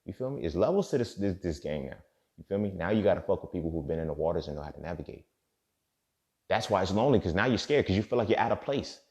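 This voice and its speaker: A man's voice: low voice, expressive, fast, darkish tone. A man hosting a casual motivational monologue, talking in profane street slang and often asking "you feel me". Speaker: podcast host. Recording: dull lo-fi recording.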